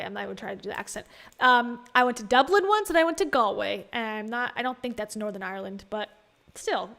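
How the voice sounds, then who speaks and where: Chatty woman streamer with a slightly high voice, exasperated, reacts to a podcast and to her chat. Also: animated, fast, vocal fry, fairly bright tone. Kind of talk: casual livestream commentary.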